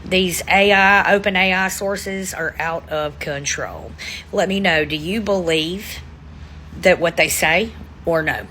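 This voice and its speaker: A woman casually recounting a story to viewers, dropping to a hushed flat voice for quoted answers. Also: on the low side, takes it slowly, a little hiss or hum, rough recording. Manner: drops to a hushed flat voice quoting one-word answers.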